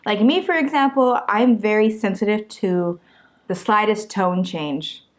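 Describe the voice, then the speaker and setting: A young woman with a mid-range voice chats casually and playfully. She is animated and teases her husband as they co-host. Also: mid-range voice, measured pace. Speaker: co-host, wife. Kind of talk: casual couple chat.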